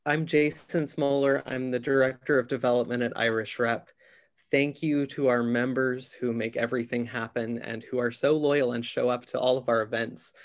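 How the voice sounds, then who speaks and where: A mid-pitched man opens a theatre patron event on a video call. His delivery is polite and welcoming, with a few uhs as he introduces the guests. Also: fairly even intonation, normal speed. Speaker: director of development, host.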